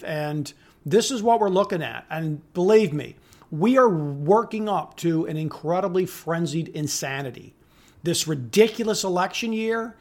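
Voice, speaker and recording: A middle-aged man with a notably high-pitched voice delivers a solo podcast monologue. He rants with open contempt, swearing often and hammering his points through repetition. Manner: angry, contemptuous ranting with profanity; emphatic repetition. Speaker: podcast host.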